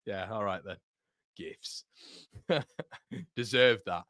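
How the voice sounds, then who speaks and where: Excitable football fan commentating live. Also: male voice, on the low side, extremely slow, no room sound, clean studio sound. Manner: excitable, bantering with the live chat. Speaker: live watchalong host.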